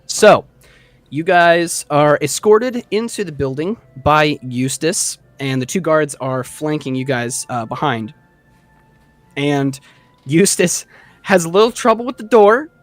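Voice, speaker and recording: A man's voice: a little high, lively intonation, slow pace, no echo, faint music behind. A man narrating a tabletop game as game master, casual and rambling with many fillers.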